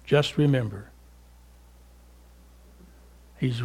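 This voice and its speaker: An older man preaching a sermon as pastor, slow and emphatic, rising to fervent peaks and dropping to hushed tones. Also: fairly high pitch, very animated.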